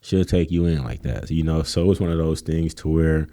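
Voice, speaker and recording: A college sports coach from Kenosha, Wisconsin tells stories in a casual interview, speaking briskly in an extremely low voice. He's an animated storyteller who acts out what other people said, raising his voice for their quotes.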